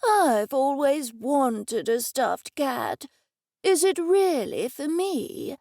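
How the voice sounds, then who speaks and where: A slow, quavering old man who is a little deaf and easily delighted, as a woman narrator puts him on. He drawls each word and his voice climbs high when he is pleased. The sound is close and dry. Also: big pitch swings, creaky, a little mellow, no echo, full character voice. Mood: doddering.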